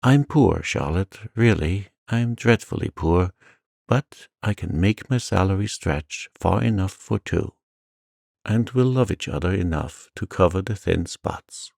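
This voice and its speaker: A kind young woman, read by a man speaks with gentle tenderness. The delivery is slow, with a gravelly edge, recorded dry and close. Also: sits low, lively intonation, no room sound, heavily acted. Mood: tender.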